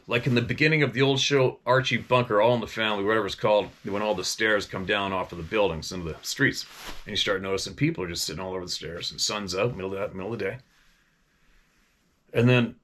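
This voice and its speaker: A middle-aged hunting guide from Vancouver Island, Canada, tells stories casually in a rambling, profane way, often restarting mid-sentence. His voice is fairly low and a bit bright.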